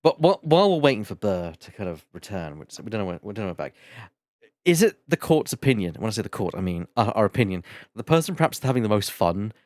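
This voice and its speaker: A man's voice: lowish voice, big pitch swings, fast talker, a little mellow, no echo. A man chatting and laughing with friends while they voice a game together. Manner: chatty and laughing between lines. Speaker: player voicing a game. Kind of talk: casual group chat over a game.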